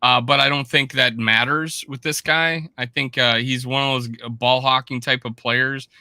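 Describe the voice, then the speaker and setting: A man chatting on a sports podcast in a very bright, smooth, resonant voice. He pokes fun at himself and restarts his sentences often. The sound is close and dry. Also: medium pitch, moderate pace, dry recording. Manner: self-deprecating, animated, trips over words. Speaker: guest podcaster. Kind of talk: casual sports podcast chat.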